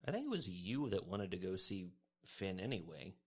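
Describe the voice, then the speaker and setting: A man's voice: sits low, big pitch swings, moderate pace, slightly rough. A man playing a tabletop game in character, playful and sarcastic. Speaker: player. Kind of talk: in-character tabletop role-play.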